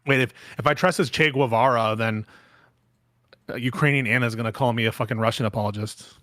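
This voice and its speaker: A man co-hosting a casual chat, playful and jokey, firing off quick questions. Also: medium pitch, fairly bright tone, dry recording, clean studio sound. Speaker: co-host.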